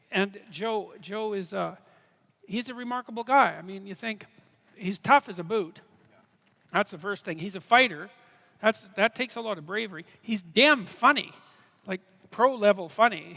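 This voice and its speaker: A man from Canada answering audience questions on stage, halting and restarting phrases, with dry humor. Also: high voice, gravelly, fairly bright tone. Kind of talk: live Q&A on stage. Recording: live hall with long reverb.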